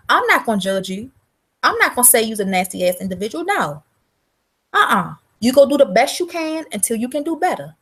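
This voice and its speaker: A woman's voice: high-pitched, slightly rough. A woman from South Carolina, hosting a casual livestream, talking bluntly and profanely and greeting viewers by name. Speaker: livestream host selling womb-care products.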